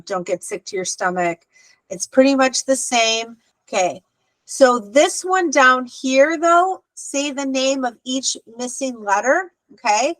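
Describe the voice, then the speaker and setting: A woman's voice: on the high side, a bit bright, dry recording, rough recording. Patient woman teaching an online class. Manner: patient, explanatory, with frequent "okay" check-ins. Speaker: Hebrew teacher. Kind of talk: online adult class instruction.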